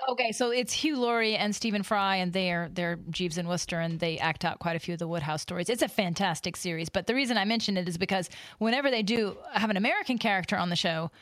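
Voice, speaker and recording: A woman's voice: mid-range voice, fairly bright tone, no echo. A woman co-hosting a casual book-club podcast, chatty and full of questions. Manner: chatty, questioning, halting restarts. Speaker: podcast co-host.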